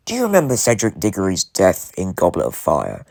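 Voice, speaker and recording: A man giving a casual spoiler review of a TV show, gushing and rambling in quick bursts with restarts. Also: deep voice, wildly swooping pitch, creaky, a little mellow, no echo.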